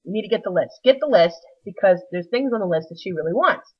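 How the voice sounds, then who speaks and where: A woman's voice: medium pitch, lively intonation, quick pace, slightly rough, lo-fi sound. A woman telling a rambling, self-mocking comic story with many restarts.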